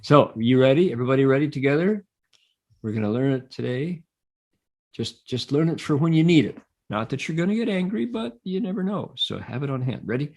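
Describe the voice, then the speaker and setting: A man giving a Buddhist dharma talk, telling a story with animated delivery and leading mantra chants. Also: on the high side, brisk, creaky.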